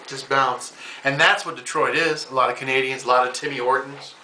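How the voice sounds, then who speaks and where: This US male comedian host has a medium-pitched voice with fairly even intonation, speaking briskly in a pushed, bright tone over a little hiss or hum. He rambles and rants through a casual monologue, slangy and saying "bro" to the listener, in an echoey room with a distant mic.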